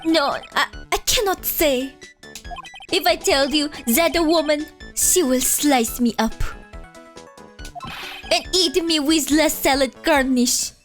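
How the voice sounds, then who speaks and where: A woman's voice: sits high, slow, faint music behind, voice pushed up. A woman voicing a theatrical male French restaurant owner sunk in debt, with a put-on French accent and melodramatic, overwrought pleading, as she reads game dialogue on a stream.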